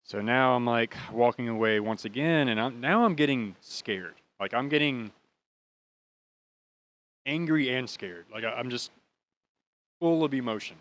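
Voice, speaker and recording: A man's voice: mid-range voice, expressive, unhurried, long pauses, fairly bright tone. Profane, rambling American man telling a story. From United States. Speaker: podcast host. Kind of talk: casual storytelling.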